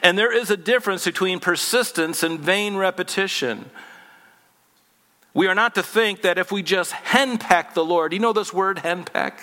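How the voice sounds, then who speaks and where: A man's voice: high voice, normal speed, bright, forceful tone, big-room sound. A man in his forties preaching a sermon in a conversational, humorous way, acting out little dialogues. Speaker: pastor.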